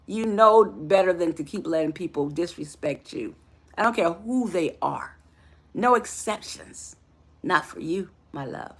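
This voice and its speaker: A woman's voice: fairly low pitch, a bit bright, breathy edge. A woman life coach giving an emphatic motivational talk, calling the listener honey and baby.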